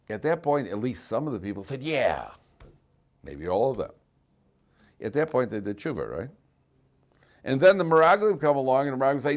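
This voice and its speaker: A rabbi teaching a Torah class to students in a classroom, acting out voices from the story and breaking off to speak to the students directly. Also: male voice, mid-range voice, moderate pace, long pauses. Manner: animated, acts out voices of people in the story.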